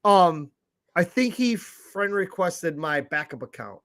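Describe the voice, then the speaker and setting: High-voiced blunt man, swearing freely. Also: animated, takes it slowly, a bit bright. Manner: blunt, profane. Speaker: podcast co-host. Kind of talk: casual chat.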